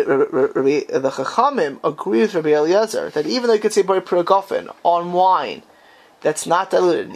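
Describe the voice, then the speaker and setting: A man teaching a class on a text, quizzing his students and bursting into dramatic exclamations. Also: sits high.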